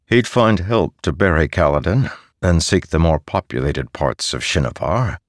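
A man reading an audiobook as a narrator, in a measured, steady manner. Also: low voice, no room sound, studio quality. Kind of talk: scripted narration.

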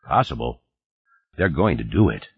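A worried, doubtful man fearing for his job, read by a male narrator. His voice is deep and husky with a lively pitch range, heard on a dull lo-fi recording. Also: moderate pace, full character voice. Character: worried man facing dismissal at work. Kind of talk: audiobook reading.

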